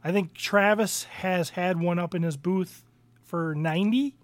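Casual podcast co-host: a high-voiced man, rambling and hesitant, dry recording. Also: unhurried, dry recording. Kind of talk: casual chat.

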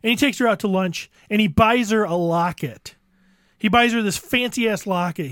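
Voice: medium pitch, moderate pace, fairly bright tone, dry recording, studio quality. A podcast host telling a profane, exasperated comic rant about a holiday movie. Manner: crude, exasperated storytelling.

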